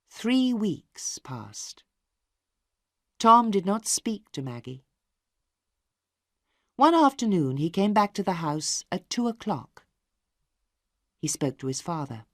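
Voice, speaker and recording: A woman narrating a story in a slow, clearly spoken reading for English learners. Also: deep voice, big pitch swings, no room sound, clean studio sound.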